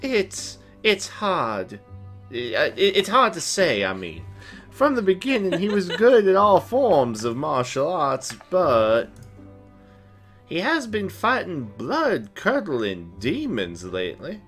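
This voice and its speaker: A man doing a high folksy Southern samurai. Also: wildly swooping pitch, takes it slowly, fairly bright tone, soft background music, full character voice. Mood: earnest. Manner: drawling, homey turns of phrase. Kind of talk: voicing characters in a visual novel let's play.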